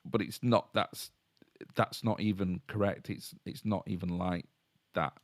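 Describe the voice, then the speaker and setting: A middle-aged Yorkshire man talks through a film theory in a rambling, self-correcting way, laughing often. His voice sits low, and the recording is dry and close, with no room sound. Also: fairly even intonation, unhurried, no echo. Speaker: podcast co-host. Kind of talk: casual film chat.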